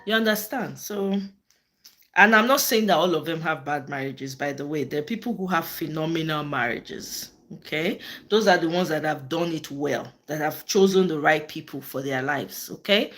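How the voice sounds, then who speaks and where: Nigerian lady chatting on a live stream, lowish voice, bright and forceful. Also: lively intonation, normal speed. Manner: chatty, switches into Pidgin, answers viewers by name. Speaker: host of a live political chat channel. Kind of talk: casual live-stream chat.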